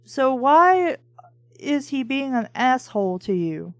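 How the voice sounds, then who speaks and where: A woman's voice: high voice, sing-song, takes it slowly, no echo. Sarcastic, profane woman mocking a book. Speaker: book reviewer and reader. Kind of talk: sarcastic comedic read-along commentary.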